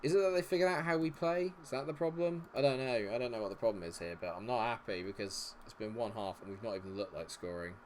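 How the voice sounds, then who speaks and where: A man's voice: mid-range voice, fairly even intonation, quick pace, hardly any pauses, a little hiss or hum. A man giving live commentary on a football management game, frustrated and sarcastic, swearing often. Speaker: gaming streamer.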